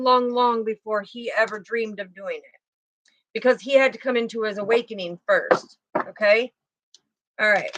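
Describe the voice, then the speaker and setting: A woman's voice: fairly high pitch, fairly bright tone, a little hiss or hum. A woman giving a casual spiritual tarot card reading, chatty and talking straight to her viewers. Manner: chatty, with frequent "you know" and "okay". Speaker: intuitive tarot reader.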